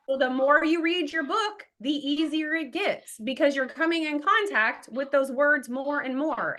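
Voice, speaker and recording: A woman's voice: high voice, bright, forceful tone. A woman in her thirties, an exam prep instructor giving an emphatic motivational class talk and acting out quoted self-talk.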